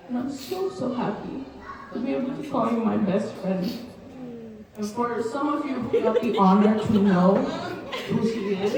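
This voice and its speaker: A young woman giving a nervous, tearful birthday speech for her cousin, laughing between words. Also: on the high side. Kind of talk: emotional birthday toast. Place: large hall at a party. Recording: echoey hall, mic far off, crowd noise. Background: party crowd.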